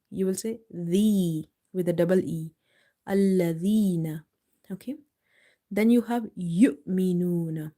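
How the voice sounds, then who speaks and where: Mellow-voiced woman teaching recitation. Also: lowish voice. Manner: patient, step-by-step explaining, slow drawn-out example recitations. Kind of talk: live online tajweed lesson.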